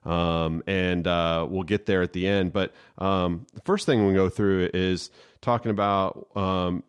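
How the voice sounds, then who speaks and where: Deep-voiced man in relaxed chat. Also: clean tone. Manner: halting, many fillers and restarts. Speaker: podcast co-host, lawyer. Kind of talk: casual chat.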